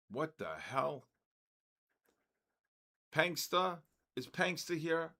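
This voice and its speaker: Older male stream host, gravelly and slow-paced, excitable, voice worn out. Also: a little high. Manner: excitable, calls out chat names. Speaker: trading livestream host. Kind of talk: live trading stream chat.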